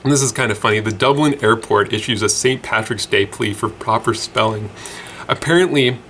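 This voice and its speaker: A man's voice: on the low side, a little fast, fairly bright tone, a little hiss or hum. A man hosting a casual weird-news show, chatty and rambling with lots of fillers and restarts. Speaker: host.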